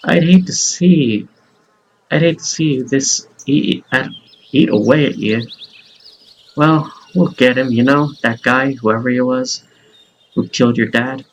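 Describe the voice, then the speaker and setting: A plucky young female adventurer in a fantasy game, chatty and reassuring toward her best friend, as a man reads her lines. The voice sits at an ordinary middle pitch with no big put-on shift. Faint outdoor hiss runs behind. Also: a little slow, lightly acted, rough recording. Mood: earnest. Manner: chatty, reassuring, reading game dialogue aloud.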